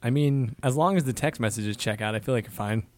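A man's voice: mid-range voice, fairly quick, a little mellow, slight background noise. A man co-hosting a podcast who chimes in with teasing, wisecracking remarks in casual banter. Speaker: podcast co-host.

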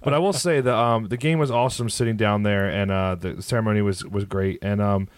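Low-voiced man telling a lively sports story. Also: brisk, no room sound. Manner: animated storytelling, mimics fans in high voices. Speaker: podcast host. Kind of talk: casual sports chat.

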